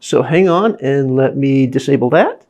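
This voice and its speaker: A man's voice: mid-range voice, animated, moderate pace, a little mellow, highs cut off. A man who teaches video production, giving a plain, methodical demonstration in a classroom and asking the viewer questions. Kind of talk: instructional demonstration. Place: indoor classroom with air conditioning. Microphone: lavalier, shotgun and camera mics at varying distance. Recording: faint room noise, mic changing distance. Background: air conditioning hum and light cooling fan.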